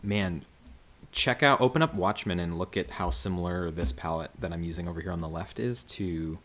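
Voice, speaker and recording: A man's voice: deep voice, normal speed, fairly bright tone. A man coloring comics on a livestream, talking casually about his process in a rambling way full of fillers and restarts. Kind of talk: casual livestream commentary while working.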